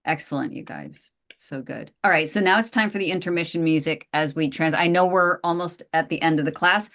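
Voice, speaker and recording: A woman's voice: low-pitched, a little fast, fairly bright tone. A woman therapist leading an online group class, informal and encouraging, who talks it through with the participants. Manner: encouraging, informal, hums a tune.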